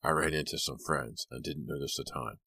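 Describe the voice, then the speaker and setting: A man voicing a casual young male musician giving an offhand, quiet apology. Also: rumbling low, brisk, creaky, no echo, heavily acted. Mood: apologetic.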